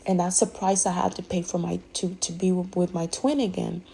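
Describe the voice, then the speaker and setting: Woman with a gravelly, husky, warm voice; candid and emphatic, rambling with restarts. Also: on the low side, little pitch movement, brisk, low-quality recording. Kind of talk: candid personal monologue.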